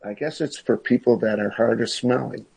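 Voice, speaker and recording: A man joins a casual chat from a kitchen table at his sister's home, speaking haltingly with many restarts. His voice is gravelly and husky, and it sits in an ordinary male range. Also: mid-range voice, darkish tone, low-quality recording. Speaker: podcast co-host.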